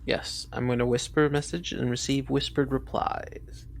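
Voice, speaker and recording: A man's voice: mid-range voice, flat delivery, normal speed, creaky, a little hiss or hum. A man chatting playfully as a player in a tabletop game. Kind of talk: casual tabletop game chat.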